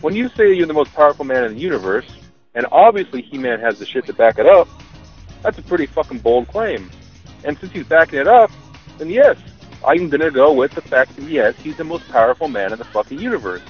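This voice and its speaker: A man's voice: fairly high pitch, expressive, brisk, faint music behind. A man ranting profanely in a voicemail message to a podcast. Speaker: voicemail caller. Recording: muffled voicemail recording.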